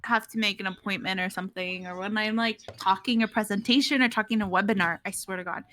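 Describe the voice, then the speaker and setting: A woman's voice: mid-range voice, steady tone, fast talker, sharp tone. Earnest young woman in casual chat. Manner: earnest, opinionated.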